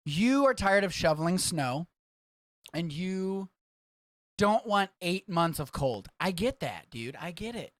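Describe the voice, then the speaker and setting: A man from Texas hosting a casual livestreamed podcast, rambling and excitable, swearing freely as he talks. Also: high voice, slow pace, no room sound. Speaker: podcast host.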